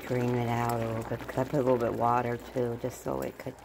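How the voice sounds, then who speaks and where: Low-pitched lady rambling on while she walks her dog, noisy phone audio. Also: little pitch movement, quick pace, creaky. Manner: rambling, repetitive, talks to her dog in a high coaxing voice. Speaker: vlogger. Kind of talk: casual chat while walking a dog and cooking.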